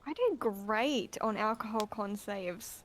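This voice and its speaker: A woman's voice: medium pitch, takes it slowly, very noisy. A woman playing a tabletop game, chatting casually and joking at her own expense. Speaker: player.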